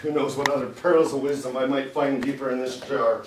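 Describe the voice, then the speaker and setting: An actor playing a bitter immigrant Civil War captain who drinks alone and rambles sardonically. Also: male voice, mid-range voice, fairly even intonation, a little fast, background noise, close to an everyday voice. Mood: sardonic. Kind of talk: solo stage monologue. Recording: roomy echo from far off.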